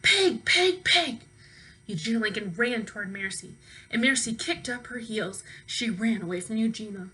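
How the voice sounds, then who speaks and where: A woman teacher reading a children's book aloud expressively, pausing to ask her young listeners questions. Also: medium pitch, a bit bright, poor audio.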